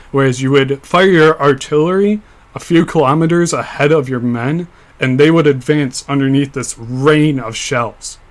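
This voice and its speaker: A young man co-hosting a casual history podcast, explaining events at length with frequent fillers and restarts. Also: mid-range voice. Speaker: podcast co-host.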